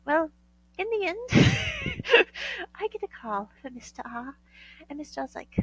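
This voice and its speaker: A woman's voice: sits high, very animated, unhurried, fairly bright tone, rough recording. A woman from the United States telling a story in casual chat. She laughs often and acts out the dialogue she quotes.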